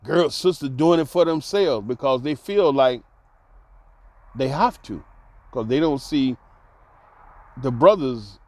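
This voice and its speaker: A man telling a personal story in a casual monologue, laughing often and dropping to soft low tones, repeating words for emphasis. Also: expressive, takes it slowly, long pauses, dry recording. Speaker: host.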